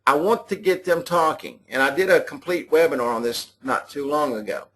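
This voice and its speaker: A man's voice: fairly high pitch, a little fast, fairly bright tone. Folksy man giving sales training. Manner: folksy, repetitive, talks to listeners directly. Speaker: sales trainer for a mobile app business. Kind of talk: live webinar sales training. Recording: clipping webinar audio.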